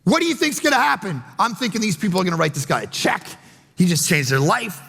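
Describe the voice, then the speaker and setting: A man preaching a sermon as pastor, telling stories with animated delivery and acting out other people's lines. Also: sits high, fast, vocal fry, slightly rough. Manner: storytelling, animated, acts out quotes. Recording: long hall reverb.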